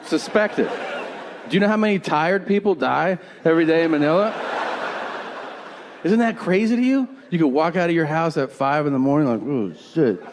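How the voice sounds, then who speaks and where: A man's voice: fairly high pitch, animated, a little fast, big-room sound, some chatter behind, slight background noise. A man performing a stand-up comedy set with sarcastic, mock-boastful, profane punchlines.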